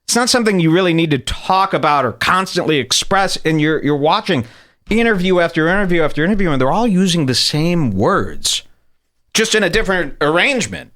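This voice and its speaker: A man's voice: a little high, animated, fairly quick, a bit bright. A man hosting a podcast, ranting in a crude, mocking, sarcastic way. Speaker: podcast host. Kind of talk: ranting casual talk.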